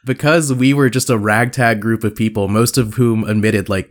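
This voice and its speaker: A young man co-hosting a casual podcast, telling stories and putting on squeaky voices for the people he quotes. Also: steady tone, moderate pace. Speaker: podcast co-host. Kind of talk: casual chat.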